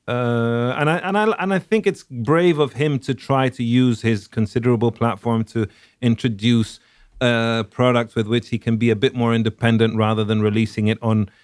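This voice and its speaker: A man's voice: mid-range voice, darkish tone, no room sound, studio quality. A man co-hosting a podcast, chatting casually and rambling with many fillers and restarts. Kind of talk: casual chat.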